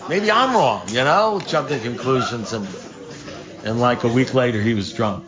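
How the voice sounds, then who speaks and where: At a recovery group meeting, a man with a medium-pitched voice speaks at normal speed, telling a story to the live group loosely and conversationally with wry asides and restarts. He acts out other people's lines, and the dull lo-fi room recording carries crowd noise and faint hiss.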